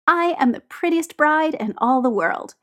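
A woman's voice: sits high, expressive, normal speed, pitched above the performer's own voice. A woman reading aloud and voicing a brash, theatrical young man who teases and snaps. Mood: hamming it up. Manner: theatrical, mocking, then snapping. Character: brash teasing young man, hot-tempered.

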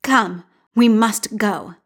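A woman's voice: mid-range voice, moderate pace, gravelly. Woman voicing a frightened, urgent mother. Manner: urgent, tense. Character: fearful, protective mother.

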